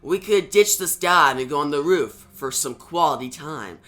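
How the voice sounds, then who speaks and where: A man's voice: on the high side, expressive, moderate pace, fairly bright tone. A man voicing a sardonic young female mercenary, reading her mocking lines fairly plainly. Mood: teasing.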